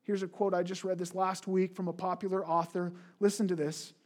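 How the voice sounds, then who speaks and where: A middle-aged man preaching a sermon with a fairly high voice. He is earnest and keeps asking his listeners rhetorical questions. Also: level tone, a little fast, few pauses. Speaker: pastor.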